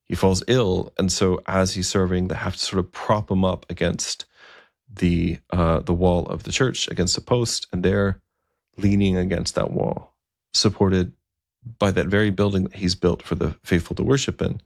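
Deep gravelly male storyteller. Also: fairly even intonation, moderate pace, dry recording, clean studio sound. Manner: conversational, vivid retelling. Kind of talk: storytelling narration.

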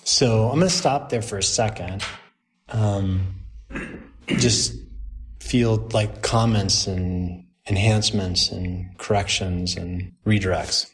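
A middle-aged man, a priest, telling a story to a group in an animated way, acting out the quotes and chuckling often. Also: lowish voice, takes it slowly.

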